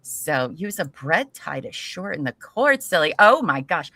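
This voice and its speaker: A low-pitched woman, co-hosting a casual podcast. Her voice is bright and pointed, and she bounces quickly through teasing banter. The recording is close and dry. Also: sing-song, no room sound. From US Midwest. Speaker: podcast co-host.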